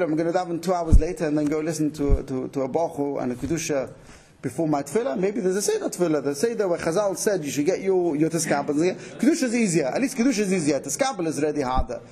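A man giving a Torah lesson on prayer law, explaining quickly and animatedly, with many Hebrew and Yiddish terms mixed into his English. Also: on the high side, dark tone. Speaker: Torah teacher. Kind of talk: halacha class.

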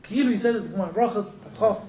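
A man teaches a religious class at a brisk clip, with jokes and a chuckle between points. His voice sits unusually high. The room is echoey. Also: warm tone. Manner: quick, joking, laughs between points. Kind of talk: casual Torah lesson.

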